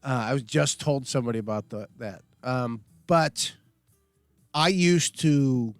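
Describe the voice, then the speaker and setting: A man co-hosting a podcast in casual chat, easygoing and halting, often restarting his sentences. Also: mid-range voice, clean tone, dry recording. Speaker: podcast co-host.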